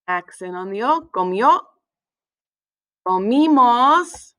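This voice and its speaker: A woman teaching a recorded language lesson in a relaxed way, with many fillers, slowing down to spell words out. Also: fairly high pitch, poor audio. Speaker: Spanish teacher.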